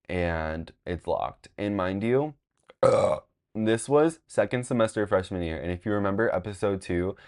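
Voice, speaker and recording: A young man from Long Beach, California, spins a loose, meandering personal story as host of his own show. His voice sits on the lower side, and he fills every pause with "like" and drops casual swears along the way. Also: clear, resonant tone. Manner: rambling, heavy on "like" fillers, frequent swearing. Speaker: podcast host.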